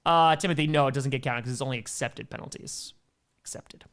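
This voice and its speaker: Young male livestream commentator, bright and forceful tone, relaxed chat mixed with excited calls. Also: mid-range voice, a little fast, clean tone. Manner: casual, answers viewer chat between plays, bursts of excitement on big plays. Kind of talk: live play-by-play and chat reactions.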